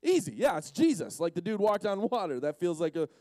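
A man's voice: high-pitched, very animated, brisk, dark tone, no echo, rough recording. A man giving a humorous Bible-story talk as a youth speaker, joking and acting out the scenes in quoted voices.

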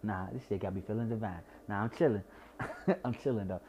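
Young southern man, tipsy, rambling, stuttering, lowish voice, mellow tone, faint room hum. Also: a little fast, muffled recording. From Georgia. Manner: rambling, repeats himself, stutters. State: tipsy from wine. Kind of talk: casual profane monologue.

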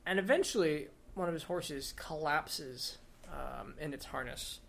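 A man's voice: on the high side, a little slow, vocal fry, fairly bright tone. Casual man running a tabletop game. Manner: casual, chuckling, explains rules. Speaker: dungeon master.

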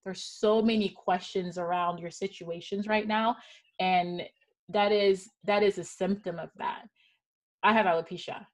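A woman's voice: mid-range voice, fairly even intonation, unhurried. A woman hosting a podcast panel, talking in an earnest, emphatic storytelling way. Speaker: podcast host. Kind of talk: heartfelt panel conversation.

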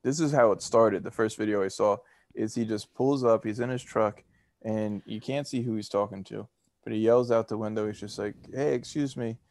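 A man's voice: lowish voice, fairly even intonation, normal speed, darkish tone, no echo. A man co-hosting a podcast, telling stories in a loose, rambling way full of fillers and laughs. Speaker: podcast co-host. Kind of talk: casual chat.

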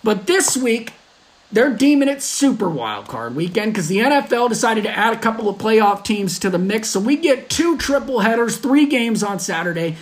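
A man's voice: sits high, expressive, moderate pace. A man hosting his own sports podcast, talking in a brash, trash-talking fan manner. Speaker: podcast host. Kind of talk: solo sports podcast monologue.

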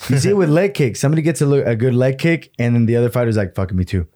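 A man's voice: medium pitch, expressive, rapid-fire, mellow. A man co-hosting a podcast who chats casually about fights, swears freely and slips words into his talk. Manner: swears a lot, drops into Spanish words. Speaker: podcast co-host.

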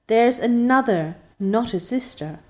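A woman voicing an excitable, chatty young girl in a storybook reading, talking in a high, breathless gush. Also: a little slow. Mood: excited.

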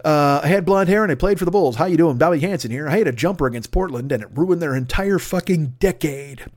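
A man's voice: a little high, lively intonation, quick pace, darkish tone. A man doing a smug retired basketball player. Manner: self-satisfied bragging. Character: smug blond former male basketball player.

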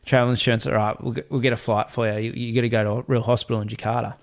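Man, casual storyteller, lively, acts out the voices in his story, mid-pitched. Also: rapid-fire. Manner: animated, acts out quoted voices, swears casually.

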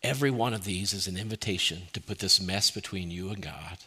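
A man preaching a sermon as pastor, asking many rhetorical questions and dropping to a soft, quiet voice when he quotes. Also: deep voice, a little fast, breathy edge.

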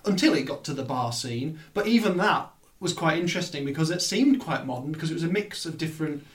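A man's voice: a little high, expressive, quick pace. A man in casual film discussion who rambles and hedges with "sort of".

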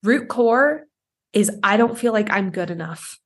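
A woman's voice: mid-range voice, lively intonation, a little slow. A woman hosting a solo podcast, talking candidly and with feeling, acting out inner voices and swearing now and then. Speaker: podcast host.

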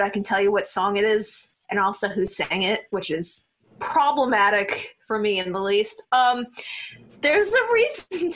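A young woman co-hosting a casual music podcast, animated and quick with jokes and asides. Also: on the high side, a little hiss or hum. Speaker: podcast co-host. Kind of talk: casual album review chat.

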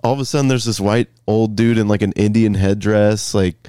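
Mellow-voiced young male co-host. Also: on the low side, a little fast, clear, resonant tone, no echo, studio quality. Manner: relaxed, storytelling with laughs. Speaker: podcast co-host. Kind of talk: casual chat.

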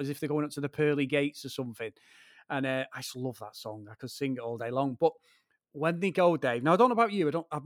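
A man's voice: on the high side, no echo, clean studio sound. A man, co-hosting a podcast and telling long, sweary stories in casual chat. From Greater Manchester, England. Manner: rambling storyteller, swears freely, keeps addressing his co-host. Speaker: podcast co-host.

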